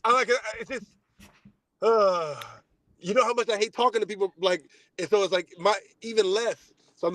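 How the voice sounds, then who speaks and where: A man with a high, lively voice tells a profane, ranting story on a podcast and acts out both sides of a phone call. The sound is dry and close, with no room around him. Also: moderate pace, no room sound. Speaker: podcast host. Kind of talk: casual chat storytelling.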